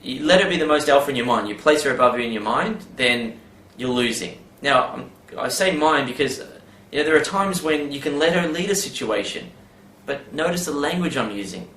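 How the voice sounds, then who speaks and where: A man's voice: mid-range voice, animated, fairly quick, a bit bright, slight background noise. A man giving a casual advice monologue, rambling with many fillers and tag questions. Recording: roomy with faint background ambience.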